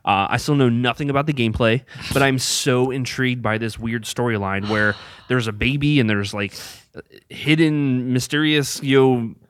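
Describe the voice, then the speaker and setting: An excitable man hosts a casual group chat. He rambles along and fills his talk with ums and uhs. His voice sits mid-pitched and is recorded dry and close. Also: normal speed, no echo. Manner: excitable, rambling with many fillers. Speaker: podcast host.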